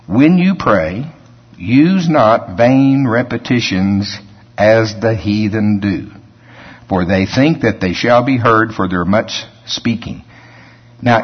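A man's voice: lowish voice, breathy edge. A man preaching a sermon in a conversational, storytelling way, with asides to his listeners. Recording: dull lo-fi sermon recording.

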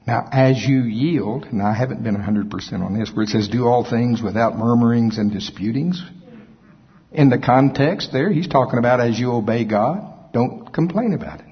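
Husky-voiced man preaching in an echoey hall. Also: medium pitch, lively intonation, moderate pace, hardly any pauses. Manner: folksy storytelling, self-mocking humor. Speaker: pastor. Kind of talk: sermon. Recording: echoey hall, dull lo-fi sound.

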